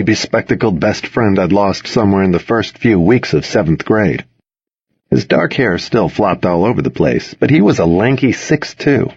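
A man narrating a first-person audiobook in a wry, measured storytelling manner. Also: lowish voice, a little mellow, husky, no echo, muffled recording.

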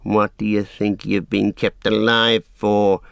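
Sinister goblin captor voiced by a male narrator, soft hissing whisper, slow and creepy, dry close sound, audiobook. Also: lowish voice, little pitch movement, gravelly, no echo, heavily acted. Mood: gloating. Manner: slow, menacing, mock-tender.

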